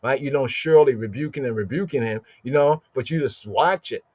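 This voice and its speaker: A man's voice: mid-range voice, darkish tone, dry recording. Man teaching scripture, dry close sound. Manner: explains Hebrew words slowly, repeats and asks "right?". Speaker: Bible teacher.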